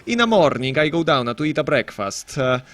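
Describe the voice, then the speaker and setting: A man's voice: on the high side, sing-song, a little fast, fairly bright tone. A man voicing an Italian man on holiday, with a put-on Italian accent and broken, sing-song grammar. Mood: jokey.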